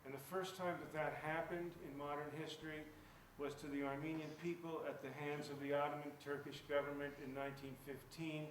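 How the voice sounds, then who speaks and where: A man's voice: fairly high pitch, level tone, a little fast, hardly any pauses, slight background noise. A man giving a public lecture as an author, speaking earnestly and emphatically and often repeating words as he restarts his sentences. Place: lecture hall. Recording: echoey hall picked up from a distance.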